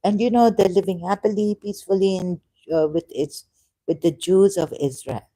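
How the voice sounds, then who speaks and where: A woman's voice: medium pitch, moderate pace, mellow, low-quality recording. A woman on a live stream giving rambling, impassioned commentary, repeating herself and firing rhetorical questions at her viewers.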